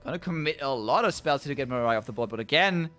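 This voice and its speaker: A man giving relaxed play-by-play commentary on a card game tournament. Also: medium pitch, quick pace, soft background music. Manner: relaxed play-by-play, calls the action. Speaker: esports caster.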